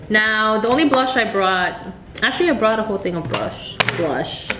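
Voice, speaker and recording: Young female beauty vlogger, playful banter, animated pitch, faint background hiss. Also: reverberant. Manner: giggly, playful, quick banter. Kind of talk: casual chat.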